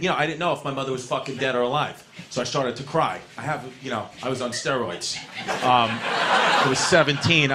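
Brash, tipsy New comic. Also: male voice, mid-range voice, noisy background. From New York. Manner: brash and profane, laughing through punchlines. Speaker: comedian. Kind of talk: stand-up storytelling.

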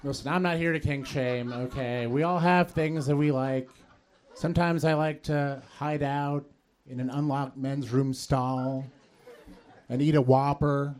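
A man performing a stand-up comedy set on stage, telling conversational stories that build to quick punchlines. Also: mid-range voice, fairly even intonation, a little mellow. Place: comedy stage before a live audience. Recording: live set with audience laughter. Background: crowd laughing.

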